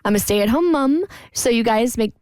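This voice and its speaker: A woman co-hosting a radio talk show, reading a listener's letter aloud in a lively, chatty way. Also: fairly high pitch, normal speed, no room sound. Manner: lively, chatty, laughs between lines.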